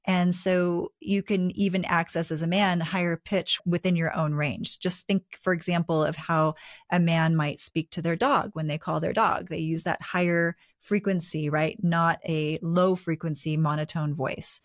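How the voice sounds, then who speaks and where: A woman co-hosting a relationship advice talk show, explaining in a calm, measured way. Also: fairly low pitch, dry recording, studio quality. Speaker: co-host.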